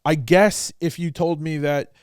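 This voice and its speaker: Smooth-voiced blunt podcast host, a man. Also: fairly high pitch, a little slow, no echo, clean studio sound. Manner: blunt and profane, animated, acting out both sides of a dialogue. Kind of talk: casual conversational storytelling.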